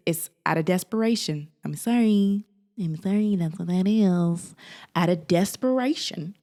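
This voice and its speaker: Woman vlogger, low-ish voice, animated and sisterly, encouraging faith talk. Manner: animated, sassy, sisterly, lots of laughs. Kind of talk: casual encouraging talk to camera.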